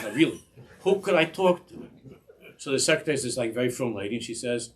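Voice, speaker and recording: A middle-aged man, a rabbi, giving an animated Torah class, acting out little dialogues and sprinkling in Yiddish and Hebrew words. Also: mid-range voice, fast talker, a little hiss or hum.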